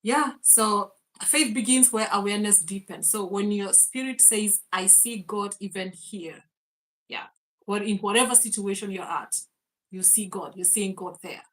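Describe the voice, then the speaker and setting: A woman's voice: medium pitch, unhurried, a bit bright, poor audio. A woman, hosting a faith and mindset livestream, laughing often and greeting viewers by name. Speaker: host.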